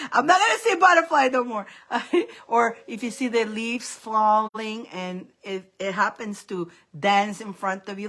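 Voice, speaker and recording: A woman's voice: medium pitch, a bit bright. A middle-aged woman hosting a casual live stream of psychic readings, rambling and laughing often. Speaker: psychic reader and live host.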